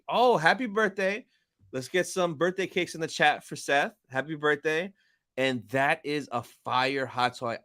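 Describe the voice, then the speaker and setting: A young man hosting a live stream, chatting casually and excitedly while reading viewer comments aloud. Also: mid-range voice. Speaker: livestream host.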